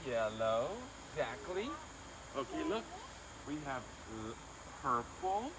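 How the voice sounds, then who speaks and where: Lively young father on a homestead vlog. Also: mid-range voice, takes it slowly, very noisy. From West Georgia, USA. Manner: playful, teaching a toddler colors. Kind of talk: casual family vlog. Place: outdoors on a rural homestead.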